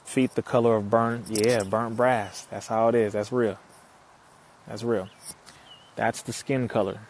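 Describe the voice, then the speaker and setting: A man's voice: lowish voice, fairly even intonation, unhurried, darkish tone, a little hiss or hum. A man talking to viewers on a live stream, reading their comments and answering them, preachy and emphatic, repeating his points. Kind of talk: casual live stream talk.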